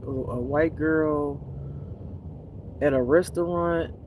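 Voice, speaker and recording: A tired man talks loosely to his live-stream viewers through a phone, and his voice sits a little high for a man. He is chatty and animated, laughing often and calling his listeners y'all. A faint hum of noise runs behind him. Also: takes it slowly. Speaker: spiritual reader streaming live. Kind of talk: casual live-stream chat.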